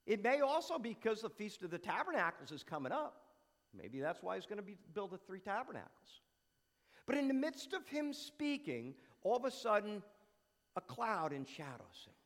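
Animated high-voiced preacher, hall echo. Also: male voice, normal speed. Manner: animated, asks rhetorical questions, repeats phrases for emphasis. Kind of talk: conversational sermon.

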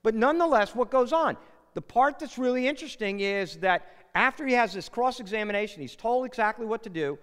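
A man delivers a sermon like a conversation, retelling a story and acting out the lines. His voice sits high and moves a lot in pitch. A long hall reverb trails every phrase. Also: expressive, brisk, a bit bright, clean tone. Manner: conversational storytelling with acted quotes and asides. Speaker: preacher.

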